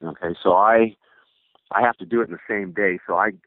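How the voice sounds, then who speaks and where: An older man, a former baseball pitcher, telling a long story in a rambling way, with restarts and quoted voices of others. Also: steady tone, a little fast, no echo. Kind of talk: casual spoken storytelling. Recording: narrow phone-like dry sound.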